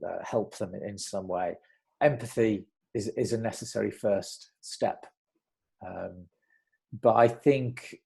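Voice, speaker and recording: A man who is an author, speaking as a guest in a conversational interview in a measured, reflective way. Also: fairly low pitch, vocal fry, darkish tone.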